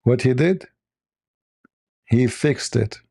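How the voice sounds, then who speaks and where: A man's voice: mid-range voice, animated, takes it slowly, dark tone, slightly rough, no echo, studio quality. A man hosting a stream, speaking as an in a sarcastic, mocking commentary style. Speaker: livestream host.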